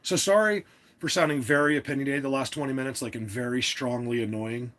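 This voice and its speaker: A man's voice: medium pitch, brisk, a bit bright. A man hosting a casual livestream, talking to his chat in an opinionated, rambling way with many restarts. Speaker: livestream host.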